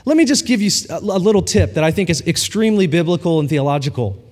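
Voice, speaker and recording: Male pastor, high and animated delivery, storytelling sermon in a big echoing hall. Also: fast. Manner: animated storytelling preacher, acts out quoted dialogue. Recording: long hall reverb.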